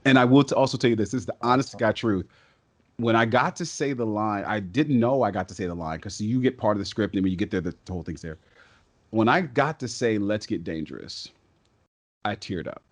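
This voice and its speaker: A man, a stage and voice actor, telling stories as a podcast guest in an excitable, talkative way. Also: lowish voice. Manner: talkative and excitable, quick bursts and restarts. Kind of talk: casual podcast interview storytelling.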